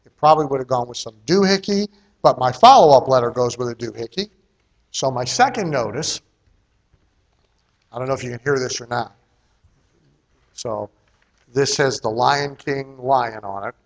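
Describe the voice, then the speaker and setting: A man's voice: mid-range voice, expressive, moderate pace, long pauses. Blunt chatty seminar speaker, a man. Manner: blunt and conversational, checks in with "okay?" and "right?"; salty and irreverent. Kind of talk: live seminar talk.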